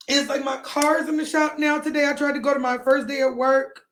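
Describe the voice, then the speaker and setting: A woman's voice: high voice, little pitch movement, fairly quick, hardly any pauses, fairly bright tone. A young woman talking to her viewers on a livestream, tearful with her voice breaking, rambling and pleading. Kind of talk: emotional livestream talk to viewers.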